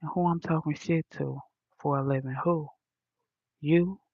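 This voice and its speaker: A woman ranting bluntly and profanely to her viewers, talking softly into a headphone mic at home in a condo. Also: low-pitched, fairly even intonation, a little slow, no room sound, lo-fi sound. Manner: blunt, profane, soft-spoken. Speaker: vlogger. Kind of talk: casual rant to viewers. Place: high-rise condo.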